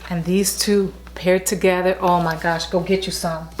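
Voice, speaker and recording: A woman's voice: on the low side, flat delivery, normal speed. A woman vlogger chatting casually about beauty products, gushing and full of restarts and asides, recorded on a camera mic at home. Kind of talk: casual product review chat.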